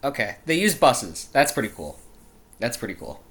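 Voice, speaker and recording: With a medium pitch that swings widely, a bit bright and at normal speed, a man who isn't British runs a casual solo show. He reads out news quiz questions, reacting profanely and with exasperation, interrupting himself and fumbling place names.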